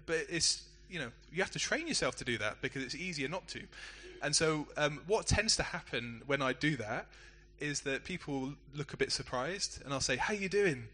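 A middle-aged man, a pastor preaching a sermon in a relaxed, conversational storytelling way with self-deprecating asides. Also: on the high side, moderate pace, few pauses. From England.

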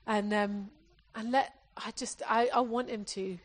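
A woman's voice: fairly high pitch, steady tone, a little slow. A woman preacher from England giving an earnest sermon, often restarting her phrases as she exhorts the congregation.

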